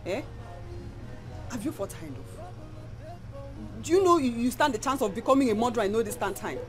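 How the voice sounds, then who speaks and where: Sarcastic Nigerian daughter played by an actress, lively voice, faint music underneath. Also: female voice, fairly high pitch, a little fast, close to an everyday voice. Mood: scolding. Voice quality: scolding, sarcastic. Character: grown daughter scolding her mother. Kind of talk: film drama acting. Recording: film audio with music behind.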